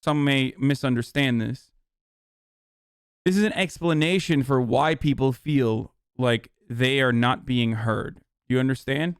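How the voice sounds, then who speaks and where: A man's voice: mid-range voice, a little slow, smooth, no echo, studio quality. A man streaming political commentary in a heated, exasperated, profane rant, restarting sentences as he goes.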